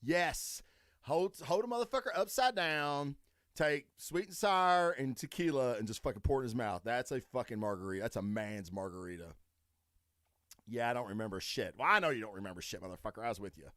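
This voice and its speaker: A man's voice: mid-range voice, brisk, a bit bright, no echo, studio quality. A man with a Southern US accent, hosting a podcast as casual chat, rambling and swearing a lot with crude jokes. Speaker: podcast host.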